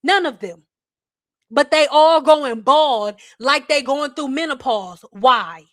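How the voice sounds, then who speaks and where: A high-pitched woman talking close to a dry mic in a casual livestream rant. She is blunt, exasperated and swears freely. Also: slow, no room sound. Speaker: hair care educator. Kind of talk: casual ranting livestream talk.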